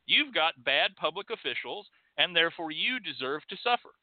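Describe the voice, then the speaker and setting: A man hosts his show in a sarcastic, profane rant. His fairly high voice swings up and down a lot. The sound is dry and thin, like a phone line. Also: very animated, normal speed, no echo. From Texas. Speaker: show host. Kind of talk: ranting monologue.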